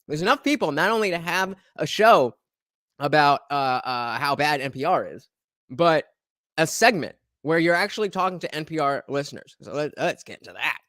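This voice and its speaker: A man commenting casually on a live stream, halting and filler-heavy, with sarcastic asides. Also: fairly high pitch, lively intonation, fairly bright tone, dry recording, studio quality. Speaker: streamer reacting to a video.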